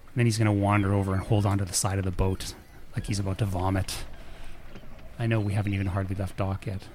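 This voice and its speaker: A man narrates his own moves in a tabletop game in a relaxed, casual way. His voice sits somewhat low. Faint room ambience hums behind him. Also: fast, slight background noise. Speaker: player. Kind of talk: casual chat.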